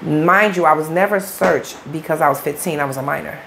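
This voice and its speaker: A woman's voice: low-pitched, fairly quick, vocal fry, a bit bright. A middle-aged woman with a Chicago accent, an interview guest telling her story in blunt, profane street talk. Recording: faint background noise.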